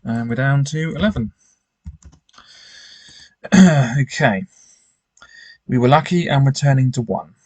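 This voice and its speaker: A man's voice: medium pitch, lively intonation, slow pace, pauses often, a little mellow, no room sound. A man reading a gamebook aloud with commentary, often stumbling and restarting his sentences. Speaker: gamebook player.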